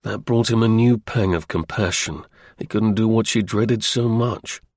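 A man narrating an audiobook in a measured, unhurried reading. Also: on the low side, darkish tone, dry recording, clean studio sound.

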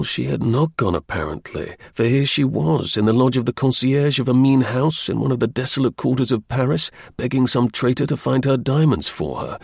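A man reading a historical novel aloud as an audiobook narrator, with measured, dramatic storytelling. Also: mid-range voice, creaky, a little mellow, breathy edge, no room sound, studio quality.

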